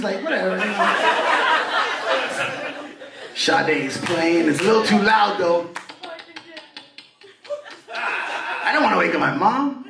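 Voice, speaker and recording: A man doing a stand-up comedy set in a club, telling a crude story with animated, acted-out reactions. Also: very high-pitched, creaky, distant mic. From Southern California. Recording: roomy club sound from off-mic, loud crowd. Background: audience laughter.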